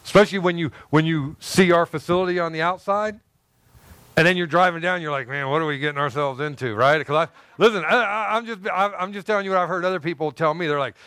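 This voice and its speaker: A man's voice: high-pitched, fast, a bit bright, no echo. A middle-aged man, a pastor, preaching a sermon to his church, telling a personal story in a folksy way with laughs and asides.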